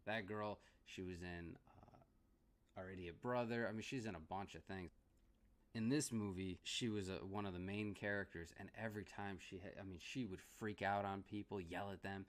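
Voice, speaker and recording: A man's voice: low voice, fairly even intonation, normal speed. A man giving a casual movie review, rambling and laughing often as he restarts his sentences.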